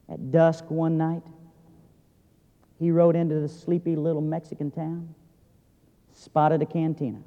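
High-voiced pastor preaching in a hall. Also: male voice, highs cut off. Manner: earnest, shifting from loud emphasis to quiet intensity. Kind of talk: sermon. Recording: long hall reverb.

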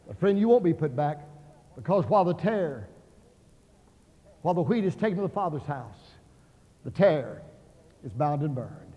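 A man preaching a revival sermon as an evangelist in a large auditorium, impassioned, acting out the voices in his stories and rising to near shouts. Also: a little high, sing-song, moderate pace, pauses often, slightly rough. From Oklahoma. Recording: dull sound in a hall with long reverb.

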